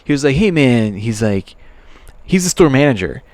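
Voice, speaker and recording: A man's voice: medium pitch, big pitch swings, normal speed, darkish tone, dry recording. A man in his thirties co-hosting a podcast, telling rambling stories and acting out the people he quotes in a raised voice. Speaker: podcast co-host. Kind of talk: casual chat.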